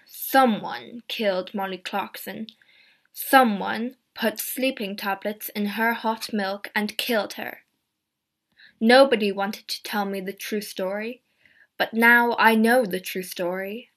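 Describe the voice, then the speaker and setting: A woman voicing a calm male police inspector who questions suspects in a measured, steady way. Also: medium pitch. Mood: stern.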